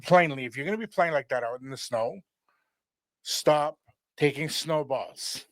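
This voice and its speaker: A man's voice: a little high, a little slow, a bit bright, no echo. A man hosting a radio show, mixing in Spanish phrases and teasing his co-host with playful hype. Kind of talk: bilingual radio chat.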